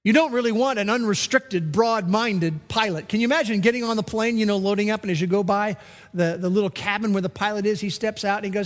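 High-voiced preacher in a reverberant hall. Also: male voice. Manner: slow and deliberate, acts out comic voices of others. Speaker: pastor. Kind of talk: sermon.

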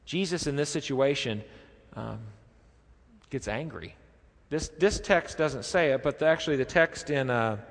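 Male pastor, mid-pitched, preaching expressively, reverberant church hall. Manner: expressive preaching, drops his voice low for quoted lines. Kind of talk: sermon.

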